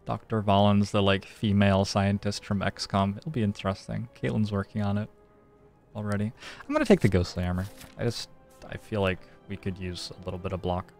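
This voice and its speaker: A man streaming a card game, relaxed, thinking aloud and explaining his choices at length. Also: on the low side, fairly quick, faint music behind. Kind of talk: casual live-stream gameplay commentary.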